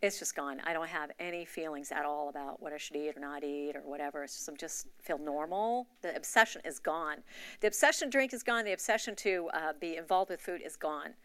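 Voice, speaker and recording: A woman's voice: deep voice, fairly quick, fairly bright tone, clean tone, no room sound. A woman giving a candid, confessional personal testimony to her church in a conversational way. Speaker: church member sharing a testimony. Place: church gathering.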